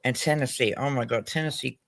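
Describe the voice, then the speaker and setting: A man's voice: medium pitch, fast talker, gravelly, a bit bright, no room sound. An Australian man hosting a casual livestream, talking crudely, swearing and laughing often. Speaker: livestream host.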